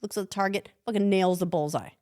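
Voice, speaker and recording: A woman's voice: mid-range voice, fast talker, mellow. A woman co-hosting a podcast, dropping dry, wry quips in casual chat. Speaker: podcast co-host.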